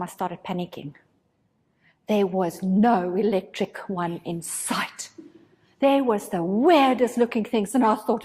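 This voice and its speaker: Breathy woman recounting, echoing hall. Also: mid-range voice. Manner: animated, dramatizes her own thoughts. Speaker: spiritual course teacher. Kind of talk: casual storytelling.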